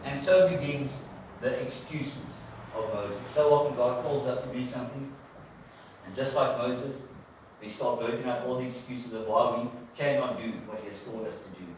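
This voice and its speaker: A man preacher giving a conversational, animated sermon in a church. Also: medium pitch, normal speed, a little hiss or hum. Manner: animated storyteller, conversational, acts out quotes. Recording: echoey church from a distant mic.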